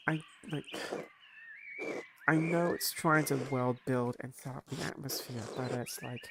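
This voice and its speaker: A man comments on a story game as he plays, slipping into joking, rambling asides. His voice has a gravelly, fry-laden edge. A clear, steady noise sits under the recording, mixed with game birdsong. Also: mid-range voice, moderate pace, long pauses. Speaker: streamer.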